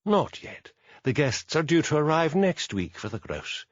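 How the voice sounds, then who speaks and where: A man voicing a grizzled, dour old male butler in an audiobook, speaking gruffly and curtly. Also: on the high side, big pitch swings, a little slow, dry recording, dull audio, voice pushed up.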